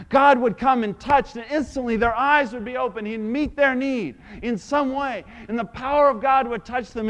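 Male preacher, high voice, dramatic sermon storyteller, hushed to loud.

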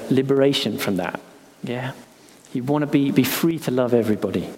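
A man giving a sermon in a casual, halting way, with restarts and fillers, then reading scripture slowly and softly with long pauses. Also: medium pitch. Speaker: pastor. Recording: long hall reverb with faint ambient noise.

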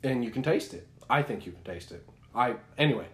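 Brief: young male podcast co-host, rambling storyteller, lots of restarts, animated. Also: medium pitch, fairly quick. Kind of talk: casual chat.

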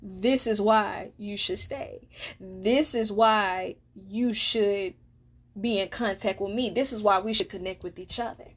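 A woman's voice: medium pitch, steady tone, unhurried. A woman hosting a solo podcast, talking candidly and emphatically, swearing freely. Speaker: podcast host. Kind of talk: casual solo podcast monologue.

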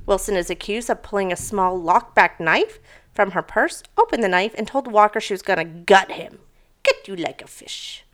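A woman's voice: medium pitch, lively intonation, normal speed, a bit bright. A young woman co-hosting a casual podcast, telling stories animatedly and swearing freely. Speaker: podcast co-host. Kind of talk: casual chat, reading odd news stories.

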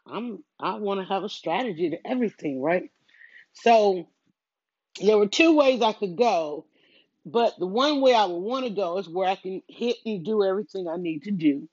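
A woman's voice: mid-range voice, darkish tone, no room sound. A chatty middle-aged woman tells a winding story while moving around her home. She keeps cutting herself off and acts out her own thoughts. Her headset mic sounds close, dry and a little muffled. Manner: chatty, self-interrupting, storytelling with quoted self-talk. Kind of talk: casual rambling vlog while doing chores. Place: at home, moving between rooms.

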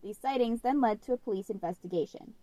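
A woman's voice: fairly high pitch, fast talker, mellow, no room sound. A young woman co-hosting a podcast, telling a story in a chatty, casual way full of "like" fillers. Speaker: podcast co-host.

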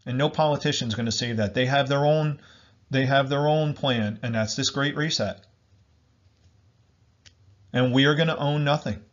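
A man's voice: medium pitch, normal speed, long pauses. A man with a mid-range voice talks in an emphatic, repetitive way, often calling his listeners folks. He speaks as a commentator giving a political monologue. The recording is dull and lo-fi.

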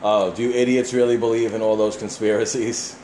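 A man with a New York accent and a deep voice, hosting a casual podcast and bluntly reading listener emails with plenty of swearing. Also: flat delivery, fairly quick, mellow, roomy sound, a little hiss or hum. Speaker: podcast host.

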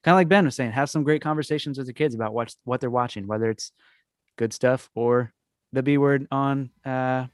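A man's voice: medium pitch, brisk, dry recording, studio quality. A man hosting a podcast in an easygoing, casual way and wrapping up the episode. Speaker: podcast host. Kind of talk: casual chat.

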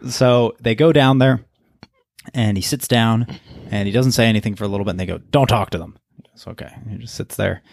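A man's voice: on the low side, fairly quick, creaky, darkish tone, no echo, clean studio sound. A man co-hosting a casual book podcast, animatedly retelling scenes and acting out the characters' lines. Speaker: podcast co-host. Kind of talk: casual book-discussion chat.

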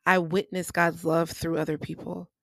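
A woman with a lowish voice hosts a personal faith podcast, speaking earnestly and emotionally. She repeats phrases for emphasis, and her speech has features. The sound is dry and close, with no room echo. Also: flat delivery, moderate pace, vocal fry, fairly bright tone. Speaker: podcast host. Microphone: podcast microphone.

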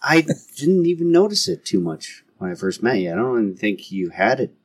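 A man co-hosting a podcast in casual chat, excitable and full of questions. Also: medium pitch, a little fast, breathy edge. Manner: excitable, asks questions, loud laughs. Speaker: podcast co-host.

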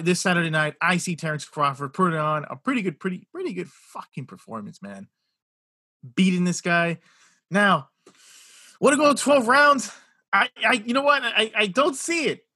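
A man co-hosting a boxing podcast, chatting casually and excitedly, swearing and repeating himself as he makes his picks. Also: high-pitched, breathy edge, dry recording, clean studio sound. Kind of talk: casual chat.

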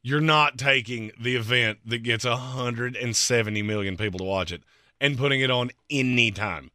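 A man's voice: mid-range voice, normal speed, sharp tone, dry recording, studio quality. A man co-hosting a sports talk show, joking and emphatic, with sarcastic asides. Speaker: sports radio co-host.

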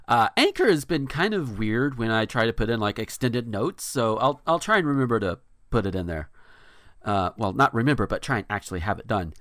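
A man hosts a casual podcast, reading news items aloud and stopping to comment, with plenty of fillers and restarts. His pitch moves around a lot. The sound is dry and close. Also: lively intonation, a little fast, a bit bright, dry recording. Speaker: podcast host.

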